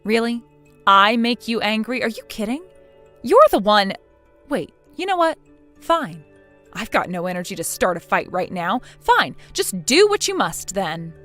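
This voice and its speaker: Woman playing a sarcastic young wife, quietly mocking, lively pitch, soft music behind. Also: a little slow. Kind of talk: scripted text-message drama reading.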